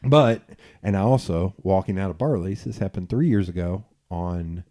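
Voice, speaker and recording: A man in his forties hosting a podcast, telling stories in a lively, profane way and acting out the quotes. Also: low-pitched, normal speed. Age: 40s. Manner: animated, acts out quotes, swears freely. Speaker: podcast host. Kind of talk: casual storytelling chat.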